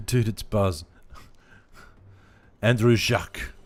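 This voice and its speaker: A man streaming a game live, chatting with viewers, laughing often and reacting out loud. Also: on the low side, extremely slow. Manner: laughs often, chats to viewers while playing. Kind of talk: casual live-stream chat. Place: home room.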